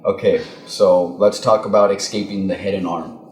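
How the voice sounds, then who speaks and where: In an indoor training gym with an echoey room and soft background music, a man gives a casual instructional demo of jiu-jitsu escapes. His deep voice is steady and a little mellow, at a normal speed. He repeats words, often says "okay?", and at times strains for breath while caught in a choke.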